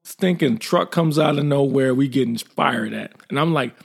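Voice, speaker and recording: Gravelly middle-aged man telling war stories. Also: medium pitch, normal speed. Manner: lively, acts out quoted dialogue; blunt and informal. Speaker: military veteran guest. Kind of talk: casual storytelling.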